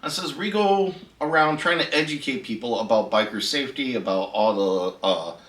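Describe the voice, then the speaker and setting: A man's voice: medium pitch, moderate pace, a bit bright, distant mic. A middle-aged man, hosting a casual storytelling vlog in a laid-back, chatty way and laughing at his own story. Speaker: host. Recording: echoey room, voice a bit off-mic.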